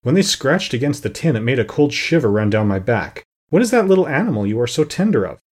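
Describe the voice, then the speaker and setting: A man's voice: mid-range voice, big pitch swings, quick pace, slightly rough, pitched above the performer's own voice. A man doing a sad, cowardly storybook lion. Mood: plaintive. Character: huge timid male lion, sad and self-pitying.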